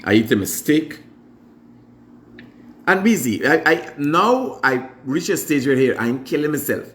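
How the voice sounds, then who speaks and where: Animated Guyanese man telling stories. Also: a little high, a little slow. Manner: animated, mimics his mother's voice. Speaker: show host. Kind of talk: casual storytelling monologue.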